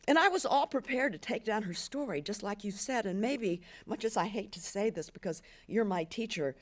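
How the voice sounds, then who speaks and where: A woman voicing an anxious teenage schoolgirl who stammers and pleads with her teacher. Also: medium pitch.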